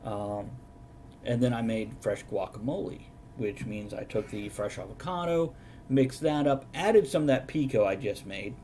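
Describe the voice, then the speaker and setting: A man's voice: on the low side, moderate pace, mellow, a little hiss or hum. Wry storytelling man hosting a stream. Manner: sarcastic, mock-documentary storytelling. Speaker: host. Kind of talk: casual chat on a live stream.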